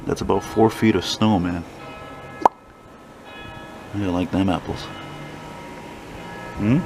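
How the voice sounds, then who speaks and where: A man's voice: low voice, fairly even intonation, slow, vocal fry, over music. Profane ranting man outdoors. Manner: profane, ranting, rambling storyteller. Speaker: vlogger. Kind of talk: casual walking vlog storytelling. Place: outdoors on snowy city streets. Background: faint city traffic.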